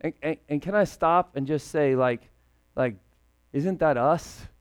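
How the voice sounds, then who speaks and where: Pastor, male, fairly high voice, smooth and clear, animated joking delivery. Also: unhurried. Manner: conversational, jokey, animated preaching. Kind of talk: casual, humorous sermon.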